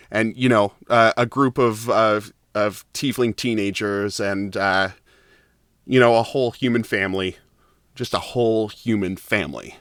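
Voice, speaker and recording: Smooth-voiced man running a tabletop game. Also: fairly low pitch, a bit bright, dry recording, clean studio sound. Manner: rambling, filler-heavy narration. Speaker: game master.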